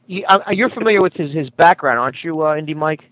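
A man's voice: fairly high pitch, animated, quick pace, a bit bright, low-quality recording. A man co-hosting a call-in radio show, questioning callers in a mock-serious, teasing way. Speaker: radio co-host. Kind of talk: casual call-in chat.

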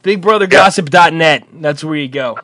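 A man's voice: on the high side, normal speed, bright, forceful tone. A man hosting an internet call-in radio show, joking crudely and swearing freely. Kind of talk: casual call-in chat.

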